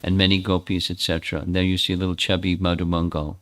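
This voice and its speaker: A man, a spiritual teacher, retelling a sacred story in a sermon, animated with small restarts. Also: low voice, quick pace.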